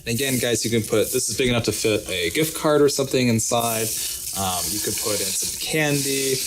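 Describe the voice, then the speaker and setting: A man's voice: mid-range voice, brisk, background noise. Upbeat man hosting a craft stream. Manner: upbeat, chatty, laughs often. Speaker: craft channel host. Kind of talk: live craft tutorial.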